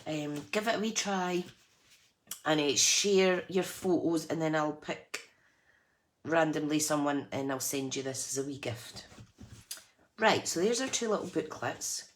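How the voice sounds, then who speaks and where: A woman's voice: deep voice, measured pace, a little hiss or hum. A woman hosting a live crafting tutorial, chatty and self-deprecating, laughing often as she works. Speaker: craft channel host.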